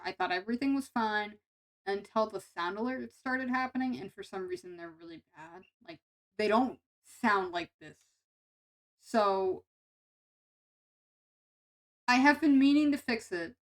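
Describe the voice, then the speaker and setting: Young woman VTuber, slightly high voice, playful self-mocking stream chat. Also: low-quality recording. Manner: playful, self-mocking, stumbles and restarts over words. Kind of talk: casual live-stream chat with viewers.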